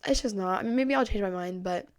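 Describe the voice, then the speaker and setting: A woman's voice: mid-range voice, fast talker. A teenage girl hosting her own podcast, rambling in a casual way with lots of "like" and "um". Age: teens. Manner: rambling, heavy use of "like" and "um". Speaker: podcast host. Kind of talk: casual solo podcast chat.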